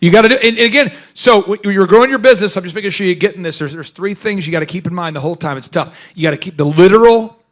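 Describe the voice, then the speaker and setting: Animated high-voiced male workshop host. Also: rapid-fire. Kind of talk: energetic business workshop talk.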